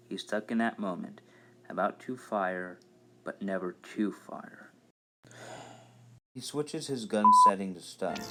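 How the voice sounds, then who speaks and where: A man's voice: deep voice, gravelly, pushed and bright, slight background noise. A man earnestly narrating his own rewrite of a story scene by scene. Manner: earnest, fast storytelling with sudden emphasis. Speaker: fan storyteller.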